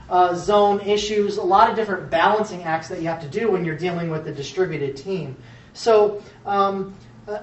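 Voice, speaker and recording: A man giving a conference talk to an audience in a casual, halting way with many fillers and restarts. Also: high-pitched, slight background noise. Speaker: conference speaker. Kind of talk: presentation talk with jokes. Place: conference room before an audience. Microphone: far from the mic. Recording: echoey, muffled room recording from a distance.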